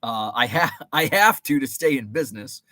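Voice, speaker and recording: A man's voice: medium pitch, animated, moderate pace, sharp tone, dry recording. A man hosting a casual livestream, rambling between topics and reading viewer comments aloud. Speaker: host.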